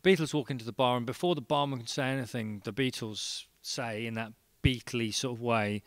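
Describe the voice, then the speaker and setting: A man doing a stand-up comedy set in a studio, telling rambling absurd jokes in a deadpan manner. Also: medium pitch, brisk, hardly any pauses, no room sound.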